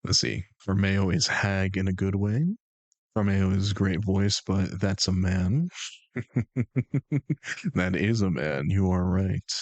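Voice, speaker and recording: A man's voice: deep voice, steady tone, takes it slowly, long pauses, darkish tone, no echo. A young man streaming and bantering with his chat, joking and sarcastic. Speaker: streamer and game master.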